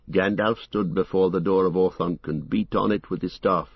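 A man reading a fantasy novel as an audiobook, in a steady, measured way. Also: low voice, breathy edge, no room sound, dull audio. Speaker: narrator. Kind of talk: scripted audiobook narration.

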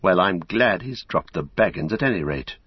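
A man voicing a dignified male hobbit in an audiobook, calm and cutting. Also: sits low, moderate pace, breathy edge, no echo, highs cut off. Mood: dry.

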